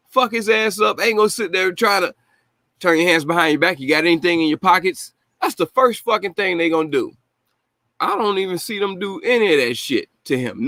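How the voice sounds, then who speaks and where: A man in his own casual commentary, heated and full of swearing. His voice sits a little high, and the sound is dry and close, with almost no room echo. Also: sharp tone. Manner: indignant, heated, swears freely. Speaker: host reacting to news clips.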